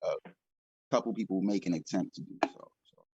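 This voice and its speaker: A man's voice: sits low, moderate pace, darkish tone, breathy edge, no room sound, lo-fi sound. A man talking as a guest in a casual video call chat, laid-back and telling a story.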